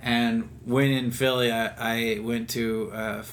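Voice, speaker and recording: A man with a mid-range voice hosts a casual podcast from his home, chatting about beer and spinning an animated, playful story. A light hiss of background noise sits under his voice. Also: mid-range voice, slow pace. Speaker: podcast host. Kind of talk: casual beer-tasting chat. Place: his own house.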